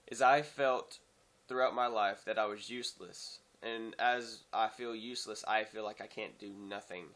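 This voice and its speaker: Hesitant soft-spoken man. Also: on the low side. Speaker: channel host. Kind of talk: casual talk to camera. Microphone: phone.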